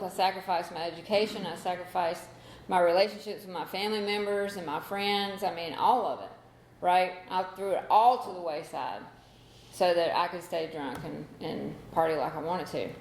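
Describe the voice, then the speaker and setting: Her voice on the low side, a woman in her thirties shares her personal testimony at a recovery meeting, candid and conversational with many "you know" fillers. The recording is echoey, with slight background noise.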